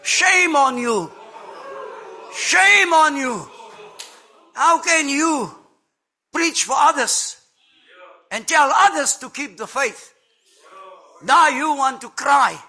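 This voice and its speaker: A woman's voice: high voice, lively intonation, slow, pauses often, sharp tone, pitched above the performer's own voice, heavily acted. A man doing his stern older wife, scolding. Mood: indignant scolding. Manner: indignant, scolding.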